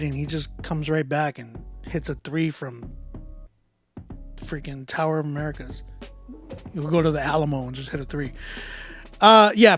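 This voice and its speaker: Host type: male music reviewer, high voice, loose slangy delivery, faint music behind. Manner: animated, conversational, drops in slang and filler. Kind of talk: casual song critique, talking to viewers.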